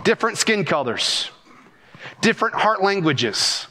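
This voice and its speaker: Man, senior pastor, rhythmic animated sermon, fairly high voice. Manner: rhythmic, animated preaching with talk of speaking fast.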